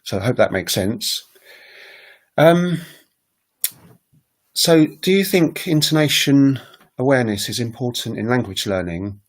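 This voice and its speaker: A man's voice: medium pitch, animated, a little slow, pauses often. A man hosting a casual livestream about language learning, rambling with many ums and self-corrections and saying example phrases aloud.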